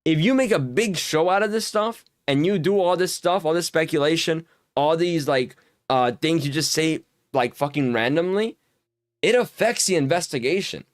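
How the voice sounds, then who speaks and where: A man's voice: fairly high pitch, animated, normal speed, no echo, clean studio sound. A young man streaming and chatting casually while gaming, ranting heatedly with lots of swearing and filler words.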